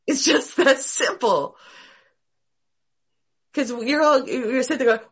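A woman teaching a meditation class in an emphatic, animated way, repeating her points. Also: sits high, takes it slowly, long pauses, slightly rough. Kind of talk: casual class talk.

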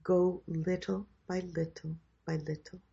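A woman leading a group workshop who guides a grounding meditation in a slow, soothing way and then invites comments. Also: fairly low pitch, level tone, creaky, dark tone, breathy edge. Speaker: workshop leader. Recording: dull lo-fi sound.

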